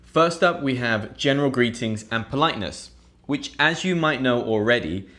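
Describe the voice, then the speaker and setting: Lively British man teaching English phrases. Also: normal speed. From United Kingdom. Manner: animated, acts out example phrases in a higher voice. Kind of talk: scripted online English lesson.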